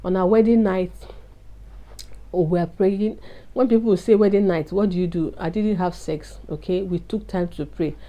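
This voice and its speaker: A vlogger shares an emotional personal testimony, confiding earnestly in her viewers and calling them "guys." Her voice is lowish and steady, at a normal speed, with the highs cut off.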